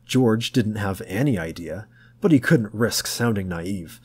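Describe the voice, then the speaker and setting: Husky guy narrating an audiobook, real slow, low-key. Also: animated, a little mellow. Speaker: audiobook reader.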